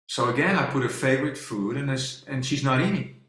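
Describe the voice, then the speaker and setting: Halting man telling a story. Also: medium pitch, fairly bright tone. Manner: halting, with many restarts and fillers. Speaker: presenter. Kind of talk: storytelling talk to an audience. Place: presentation hall. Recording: echoey room.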